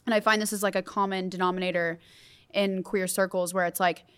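A woman's voice: mid-range voice, fairly even intonation, brisk, a bit bright, clean tone. A young adult woman hosting a casual round-table podcast, talking candidly and earnestly with frequent fillers. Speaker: podcast host.

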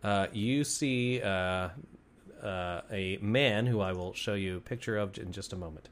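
A man narrating as game master of a tabletop game, in a casual, halting way with fillers and swearing. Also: on the low side, a little hiss or hum.

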